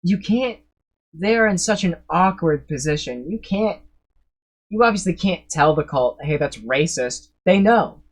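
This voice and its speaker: A man's voice: high-pitched, expressive, unhurried, slightly rough. Rambling, swearing male streamer. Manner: rambling, swears freely, laughs often. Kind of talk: live reaction commentary.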